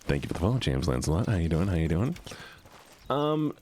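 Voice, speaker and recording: A man's voice: low voice, sing-song, a little fast, darkish tone, husky. A man live-streaming a game, chatting casually with his viewers and swearing when startled. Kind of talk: casual live-stream chat while gaming.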